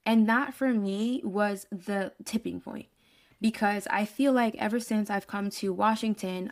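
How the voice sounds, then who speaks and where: A woman telling a personal story in a casual monologue, retelling a frustrating exchange with quoted dialogue and exasperated asides. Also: a little high. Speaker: podcast host.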